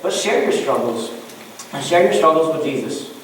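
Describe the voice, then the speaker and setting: A man preaching a sermon to his congregation as pastor, animated and joking in asides. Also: a little high, normal speed, a little hiss or hum. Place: church. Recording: echoey church room from far off.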